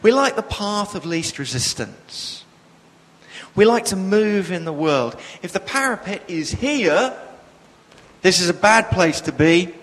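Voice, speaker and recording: A man delivering a sermon with a somewhat raised voice that rings through a large, reverberant hall. He preaches with passion and emphasis, lifting and dropping his voice to press each point. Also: a bit bright. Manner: passionate, emphatic, with sudden swells in pitch and volume.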